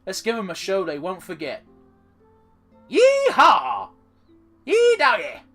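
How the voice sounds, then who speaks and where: A man's voice: high-pitched, huge pitch swings, takes it slowly, fairly bright tone, faint music behind, heavily acted. A man voicing a brash southern woman airship captain from a video game, with a put-on Southern US accent and a hollering, rowdy manner.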